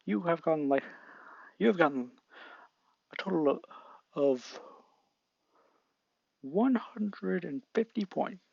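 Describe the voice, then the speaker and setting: A man voicing a booming, cheerful hero making a grand announcement. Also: lively intonation, slow pace, gravelly, long pauses, a little mellow, husky, no echo, exaggerated voice. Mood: proclaiming. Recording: dull lo-fi mic.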